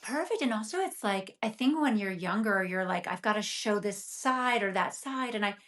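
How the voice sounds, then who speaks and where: A middle-aged woman who works as an acupuncturist chats as a guest in a casual interview, speaking in a mid-range voice. She's animated and talkative, voicing her inner thoughts as quick quoted asides.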